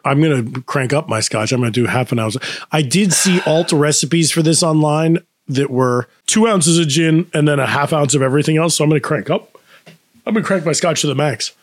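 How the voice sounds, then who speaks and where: A man's voice: on the high side, a little fast, no echo. Chatty man with a dry close sound. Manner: rambling anecdotes with put-on quotes. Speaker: podcast co-host. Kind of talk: casual chat.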